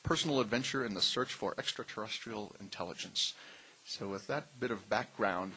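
A man's voice: fairly low pitch, pushed and bright, slight background noise, poor audio. A man moderating a panel, reading speaker introductions with occasional stumbles and dry asides.

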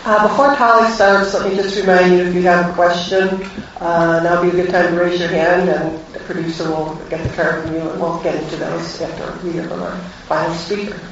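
A woman moderator gives a businesslike reminder to the audience in a flat, even voice. She sounds far from the mic in an echoing hall, and the sound is dull, with faint noise underneath. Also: fairly low pitch, brisk, few pauses. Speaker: event moderator. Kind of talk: announcement to audience.

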